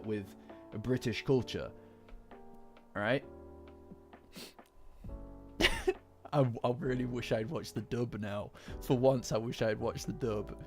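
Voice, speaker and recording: A man hosting a casual chat about an anime episode. He talks in an excitable way, laughs often, and keeps repeating and restarting his words. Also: mid-range voice. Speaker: anime reaction host. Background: faint background music.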